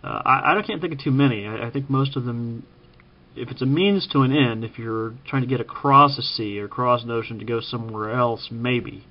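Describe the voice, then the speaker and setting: A man from Kansas giving casual spoken commentary, halting with frequent ums and self-corrections. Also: mid-range voice, highs cut off. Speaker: vlogger ranking TV preppers.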